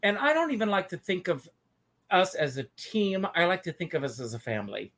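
Male host from South Carolina, bright and energetic, chatty and quick to laugh. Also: high-pitched. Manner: lively, chatty, laughs at his own jokes. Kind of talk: online talk show chat.

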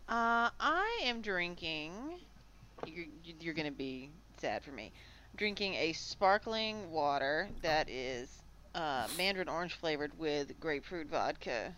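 A woman's voice: sits low, big pitch swings, unhurried, fairly bright tone, muffled recording, a little hiss or hum. A woman chatting playfully on a casual podcast, talking easily about what she is drinking.

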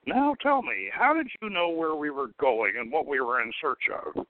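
A man voicing a gruff male warrior chief who talks in clipped, commanding, dryly menacing lines. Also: a little high, sing-song, moderate pace, no echo. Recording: dry, tinny phone-like radio sound.

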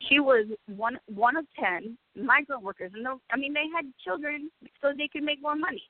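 A woman's voice: high voice, normal speed, no echo. Blunt, emotional woman on a tinny line. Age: 40s. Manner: blunt, emotional, swears freely. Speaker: guest. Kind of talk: candid radio interview. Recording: tinny phone-like dry sound.

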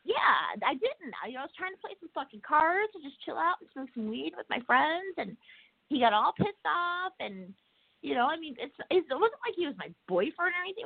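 A woman's voice: sits high, big pitch swings, brisk, gravelly, no echo. A woman telling a heated story in casual chat, swearing a lot. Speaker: podcast co-host. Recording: dry tinny phone-like audio.

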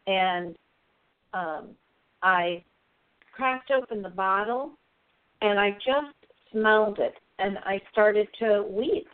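A woman guest on a radio show, telling a personal story in an earnest, halting way with many fillers. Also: medium pitch, smooth, dry recording. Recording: thin phone line, dry.

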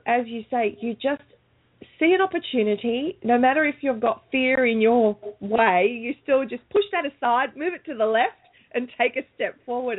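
A woman's voice: a little high, slightly rough. A woman hosting an interview, asking long questions and praising her guest. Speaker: host. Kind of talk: casual interview chat. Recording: tinny phone line.

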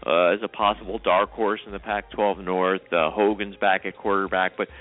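Low guy on a tinny phone line, chatty sports host. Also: steady tone, moderate pace. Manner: talkative, hedging with "I mean" and "you know". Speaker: co-host making picks. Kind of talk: casual sports talk.

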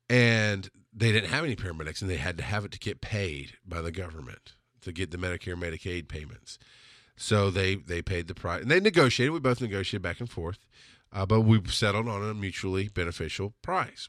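A man's voice: lowish voice, a bit bright, no echo, clean studio sound. A man hosting a solo podcast, talking in a blunt, rambling way and swearing freely. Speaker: podcast host.

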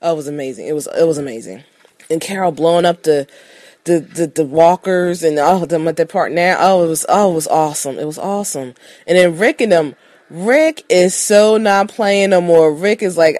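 Gushing excited woman, dry close sound. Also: on the low side, a little fast, dry recording. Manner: gushing, excitable, repeats herself. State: sleepy. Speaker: podcast contributor. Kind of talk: casual episode recap.

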